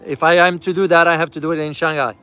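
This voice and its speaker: Faint music runs behind a man whose smooth voice is on the high side, bright and forceful, with a steady tone and quick pace. As he rides through a city he gives casual travel commentary, speaking directly to viewers as "guys" and repeating key phrases for emphasis.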